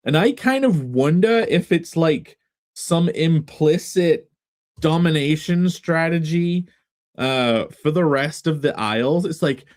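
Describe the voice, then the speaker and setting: A man's voice: slow, a little mellow. An English man chatting casually on a live stream from a half-emptied room at home, meandering and wry. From England. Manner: meandering and wry, with big pitch swings.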